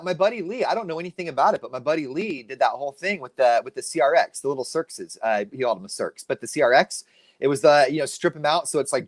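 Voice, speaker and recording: A man co-hosting a casual chat show, animated and jokey, acting out other people's lines as he tells stories. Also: medium pitch. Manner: animated, jokey, mimics people mid-story. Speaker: co-host.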